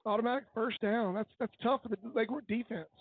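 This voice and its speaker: A man giving coach-like color commentary on a high school football game, earnest and openly emotional as he breaks down each play. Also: steady tone, a little fast, no echo, phone-quality sound. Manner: analytical, coach-like breakdowns of plays.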